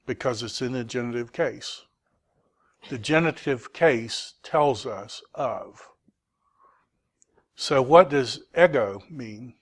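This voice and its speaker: A man's voice: mid-range voice, slow, long pauses. A man teaching a Greek class, asking students questions and patiently explaining grammar. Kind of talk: classroom lesson.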